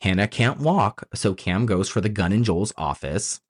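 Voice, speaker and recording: A man co-hosting a podcast, casually recapping a horror film's plot with excited, profane asides. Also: on the low side, moderate pace. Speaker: podcast co-host. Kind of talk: casual movie recap chat.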